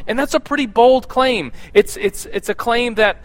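A man's voice: high voice, brisk, few pauses, a bit bright, poor audio. A man giving a casual, conversational sermon and church announcements, with a lot of fillers and restarts.

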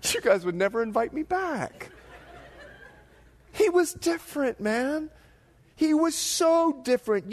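A middle-aged man preaching a sermon, animated and jokey, slipping into voices as he tells stories. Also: very high voice, normal speed, pauses often, long reverb tail. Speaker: pastor.

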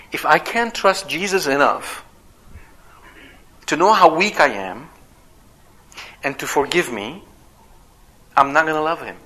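A man preaching with a bright, slightly high voice that carries energy. He speaks animatedly, dropping into little acted-out voices, like a pastor addressing his flock. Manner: animated, acts out quoted voices. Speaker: father. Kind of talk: sermon.

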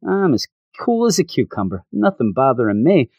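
A man's voice: mid-range voice, big pitch swings, moderate pace, dry recording, dull audio. A man voicing a defensive young man insisting he is fine. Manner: defensive, brushing off.

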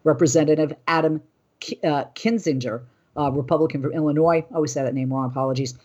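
A woman hosting a news podcast with a slightly breathy, airy voice. She talks in an animated, indignant way, reading quotes aloud and then going off script to argue her point. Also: low voice, quick pace, highs cut off. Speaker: host.

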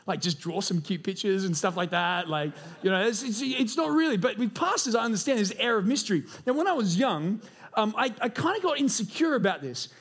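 A thirty-something lead pastor delivers a sermon in a church auditorium, his high-pitched voice animated, fairly quick and slightly breathy. Earnest and conversational, he adds storytelling asides drawn from his personal life.

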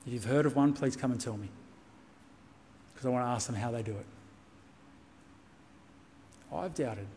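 A man's voice: mid-range voice, moderate pace, darkish tone, big-room sound, a little hiss or hum. A man preaching a sermon as pastor, earnest and reassuring, repeating key points for emphasis. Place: church.

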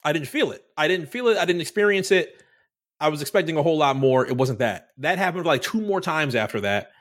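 A man co-hosting a podcast, telling a story in loose, casual chat. His voice sits a little high and swings widely in pitch as he acts out his own reactions, with plenty of swearing. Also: animated, brisk, fairly bright tone. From Florida. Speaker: podcast co-host.

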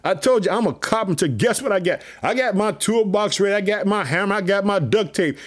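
Pumped-up high-voiced preacher man. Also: brisk. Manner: excited, repetitive preaching catchphrases. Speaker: pastor. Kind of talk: energetic podcast sermon.

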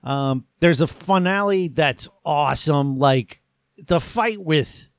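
A man's voice: a little high, slow pace, clear, resonant tone, no echo, clean studio sound. A man hosting a podcast, casually and enthusiastically reviewing an action movie, rambling with fillers. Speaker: podcast host.

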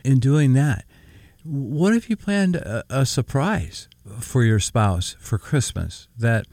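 A man's voice: mid-range voice, slow, dry recording, studio quality. A middle-aged man co-hosting a casual Christian radio talk show, laughing easily and reading Scripture aloud. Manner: lively, laughs often, reads Scripture aloud. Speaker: co-host.

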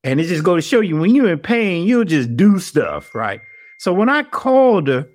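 A man spins a long story in an interview, acting out the people he quotes. His pitch swings widely as he goes. The recording is very dry and close. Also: normal speed, dry recording. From Atlanta, US South. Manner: animated storyteller who acts out the people he quotes. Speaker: investigative reporter, guest.

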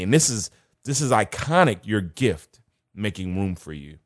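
A man's voice: fairly low pitch, big pitch swings, moderate pace, dry recording, clean studio sound. Male preacher repeating phrases for emphasis. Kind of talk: sermon.

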